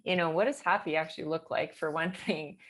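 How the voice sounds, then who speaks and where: A woman's voice: deep voice, fairly quick, fairly bright tone. A woman chatting casually in a rambling way, with many fillers and nervous laughter. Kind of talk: casual chat.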